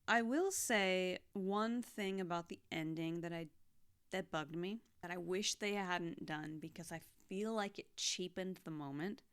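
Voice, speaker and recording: A young woman chatting casually about a series she watched, heartfelt and expressive, moving between hushed and loud. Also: on the low side, unhurried, clear, resonant tone. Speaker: anime reaction vlogger. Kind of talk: casual recap chat.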